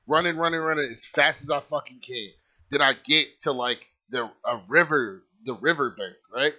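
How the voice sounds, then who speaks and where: A man's voice: medium pitch, normal speed, pushed and bright. A man casually telling a personal story, loose and profane, with lots of filler words.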